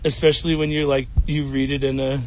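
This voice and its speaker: A man's voice: medium pitch, flat delivery, a little fast. A man from Chicago with a Chicago accent, a podcaster talking playfully in a casual interview.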